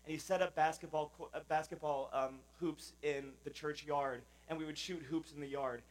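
A man's voice: on the high side, fairly even intonation, moderate pace, rough recording. A man, a pastor, giving a sermon in a conversational, informal manner with many fillers.

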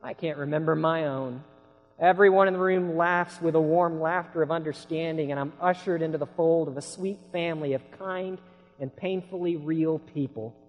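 A man preaching a sermon, telling a story dramatically and swinging between hushed lines and loud outbursts. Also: a little high, steady tone, moderate pace. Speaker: pastor. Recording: long hall reverb.

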